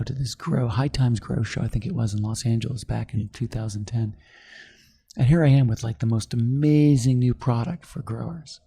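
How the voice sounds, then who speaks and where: Gravelly-voiced man telling a story. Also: medium pitch. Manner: animated storyteller, acts out quoted voices. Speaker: company founder, guest. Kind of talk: casual interview storytelling.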